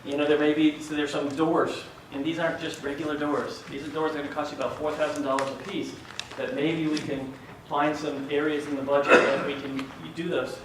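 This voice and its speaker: Man presenter, middle pitch, calm explanation, faint room noise. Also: brisk. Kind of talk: public meeting presentation. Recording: very echoey hall, mic far off.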